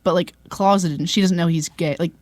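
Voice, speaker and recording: A woman's voice: on the low side, steady tone, fairly quick, no echo. A woman co-hosting a podcast, chatting casually with wry, playful remarks. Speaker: podcast co-host. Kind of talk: casual chat.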